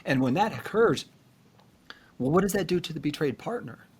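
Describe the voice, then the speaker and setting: A man's voice: on the high side, animated, moderate pace, a little mellow, slightly rough. A man hosting a relationship podcast as a therapist, explaining things and speaking directly to listeners. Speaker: therapist host.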